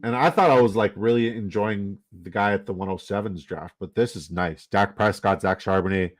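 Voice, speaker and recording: A man's voice: lowish voice, normal speed. A man from Canada, giving loose, jokey commentary and swearing casually while running down a fantasy football draft.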